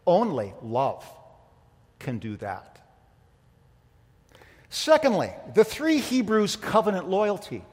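High-voiced pastor in a reverberant hall. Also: male voice, huge pitch swings, slow pace, pauses often, breathy edge. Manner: emphatic, rhetorical questions, shifting from loud to quiet. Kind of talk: sermon.

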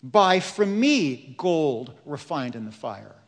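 A man's voice: a little high, steady tone, measured pace, a bit bright, in a large hall. A man voicing Jesus as a loving figure who urges and pleads with his church, raised and emphatic. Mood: urging.

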